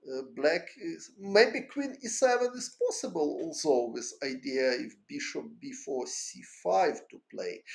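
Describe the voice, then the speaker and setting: A man analysing a chess game aloud in halting, hesitant English, as a chess teacher. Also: on the high side, vocal fry, a little mellow.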